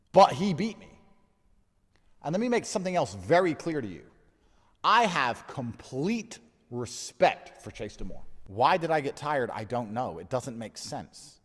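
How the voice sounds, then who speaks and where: A man's voice: mid-range voice, big-room sound. A man in his thirties speaking in a blunt, defiant and profane monologue about losing a fight. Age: 30s. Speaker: fighter reflecting on a loss. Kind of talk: candid monologue.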